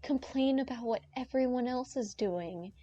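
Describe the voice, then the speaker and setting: A woman's voice: fairly high pitch, moderate pace, warm tone, soft background music. A young woman streaming a game, chatting in a playful, rambling, joking way to her viewers. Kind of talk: casual gaming stream chat. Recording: dull lo-fi stream audio.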